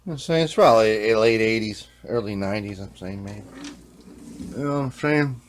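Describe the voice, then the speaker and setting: A man hosting a casual workshop vlog in a laid-back, rambling voice. He tacks "man" onto nearly every sentence and sometimes sinks into quiet muttered whispers. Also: on the low side, normal speed, slight background noise. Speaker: vlog host, guitar repairer.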